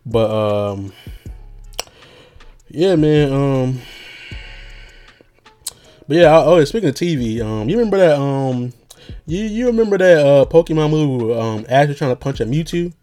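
A man's voice: mid-range voice, lively intonation, measured pace, pauses often, dark tone, soft background music. A young man rambling casually as a podcast host, loose and slangy with lots of fillers and jokes.

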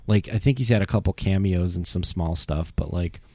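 A man co-hosting a podcast, talking about movies in a relaxed, offhand way. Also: low-pitched, brisk, no room sound. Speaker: podcast co-host. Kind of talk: casual movie chat.

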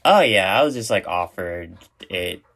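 A man's voice: low voice, animated, a little slow, vocal fry, a bit bright. A young man hosting a podcast, rambling jokily with lots of fillers. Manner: rambling, filler-heavy, jokey. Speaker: podcast host. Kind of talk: casual chat.

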